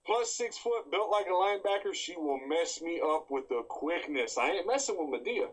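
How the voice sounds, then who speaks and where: A man's voice: a little high, moderate pace, breathy edge, low-quality recording. A man hosting a paranormal podcast, chatting casually and joking with his co-host and the audience. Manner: animated, joking, plays to the audience. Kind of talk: casual chat.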